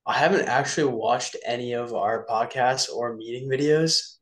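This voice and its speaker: A man co-hosting a podcast in casual conversation, relaxed and reflective. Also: mid-range voice, moderate pace. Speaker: podcast co-host. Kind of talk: casual chat.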